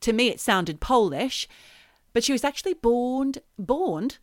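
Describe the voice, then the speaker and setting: A woman's voice: a little high, lively intonation, a little slow, no echo, studio quality. A woman co-hosting a podcast, chatting casually and telling stories in a playful way. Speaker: podcast co-host. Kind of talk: casual chat.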